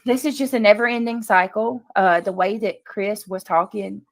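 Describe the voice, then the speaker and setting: A woman's voice: mid-range voice, moderate pace, no room sound. A woman hosting a casual livestream, talking earnestly to her chat and repeating her points for emphasis. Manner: talks to chat while reading comments. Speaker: livestream host. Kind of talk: casual live commentary.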